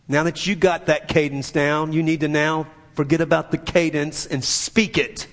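A man's voice: fairly high pitch, steady tone, moderate pace. A man preaching a sermon as pastor, leading the congregation through repeated spoken confessions. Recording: long hall reverb.

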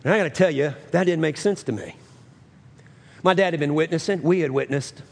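An earnest male preacher tells a story from the pulpit, leaning hard on his words and circling back over phrases. His voice sits a little high for a man, and a long hall reverb trails behind every line. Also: fairly quick, vocal fry. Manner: earnest, emphatic, repeats and restarts phrases. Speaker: pastor. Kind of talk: sermon storytelling.

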